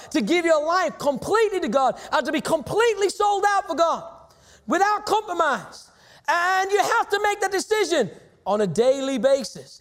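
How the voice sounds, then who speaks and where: A middle-aged male pastor preaching a sermon, emphatic, with sudden shouts and slowed, repeated phrases. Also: very high-pitched, big-room sound.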